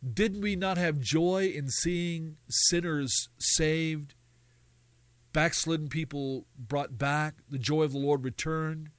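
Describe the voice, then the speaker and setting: An earnest man with a fairly high voice teaching a session on spiritual gifts. He talks in preacherly runs, stacking phrase after phrase. The sound is close and dry, with no room around it. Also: takes it slowly, dry recording. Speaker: Bible teacher.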